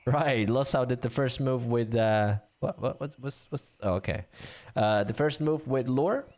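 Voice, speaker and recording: A man commentating an online game league, chatty and bantering with viewers, with a voice getting a bit rough. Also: mid-range voice, a little slow. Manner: chatty, animated, laughs and banters with chat.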